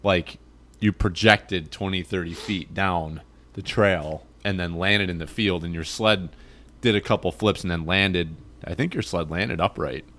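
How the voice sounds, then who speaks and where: A man hosting a podcast, telling a story in an animated, rambling way with lots of restarts. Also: low-pitched, unhurried. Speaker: podcast host. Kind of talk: casual storytelling chat.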